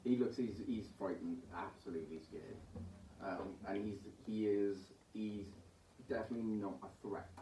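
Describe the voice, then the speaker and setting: Low-voiced guy running a tabletop game, lots of restarts, echoey room, far from the mic. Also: steady tone, mellow, slight background noise. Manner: halting, with many restarts. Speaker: game master.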